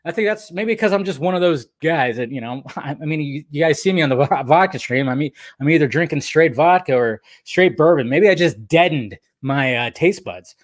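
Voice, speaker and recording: Male film-news streamer, casual and profane, rambles through viewer comments; slightly high voice, dry close sound. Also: animated, a little fast, hardly any pauses, no echo. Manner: rambling, loose and profane, talks straight to viewers.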